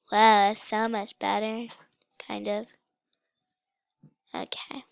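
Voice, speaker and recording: A young woman casually commenting on her gameplay for her channel, chatty and excitable, with a slight cough. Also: mid-range voice, slow pace, gravelly, pauses often, clean tone, dry recording. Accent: mock British, put on. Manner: chatty, excitable, breaks into gasps and shouts. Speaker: gaming channel host.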